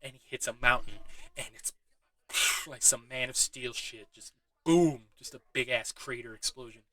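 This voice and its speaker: A man giving a casual, excitable movie recap, swearing often and laughing as he talks. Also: mid-range voice, normal speed, no echo, poor audio. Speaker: movie reviewer.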